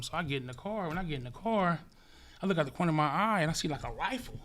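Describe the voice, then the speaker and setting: A man, a podcast guest, telling a vivid, profane story in casual talk, acting out sounds and swinging between loud bursts and hushed murmurs. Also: fairly high pitch, lively intonation, racing.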